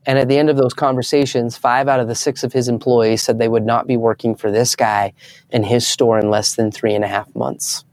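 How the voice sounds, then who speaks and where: A man's voice: medium pitch, little pitch movement, a little fast, darkish tone. A young adult man, a guest in an interview, telling stories earnestly and acting out the voices of people he quotes. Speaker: guest speaker. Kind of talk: storytelling in an interview.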